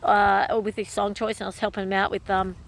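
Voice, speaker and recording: A woman's voice: mid-range voice, level tone, fast, gravelly. A woman vlogger in an emotional personal monologue, speaking emphatically and repeating phrases over and over.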